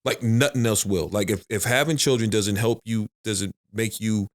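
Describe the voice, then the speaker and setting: A man's voice: lowish voice, normal speed. A middle-aged man in casual podcast chat, rambling and repeating himself, swearing now and then. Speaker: podcast guest.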